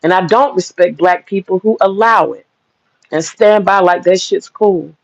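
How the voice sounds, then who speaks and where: A livestream host with a lowish, creaky voice talks at a normal pace, launching into a blunt, heated rant full of profanity and hitting her points hard. The recording is dry, dull and lo-fi.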